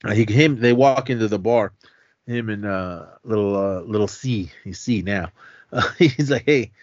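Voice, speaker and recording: A man's voice: fairly low pitch, normal speed, darkish tone, no room sound, dull audio. A male podcast co-host casually recapping a movie in a rambling way, with lots of fillers, acting out the dialogue as he goes. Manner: rambling retelling full of fillers and acted-out dialogue.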